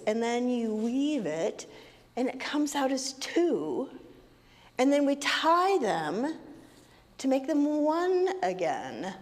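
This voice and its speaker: A playful woman with a lively, bouncing pitch leads a children's message, drawing her words out slowly and teasingly. Her voice rings through a large sanctuary with a long reverb tail and faint room noise behind it. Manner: playful, teasing, sing-song, animated with children. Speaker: minister leading a children's story time. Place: sanctuary of a congregation.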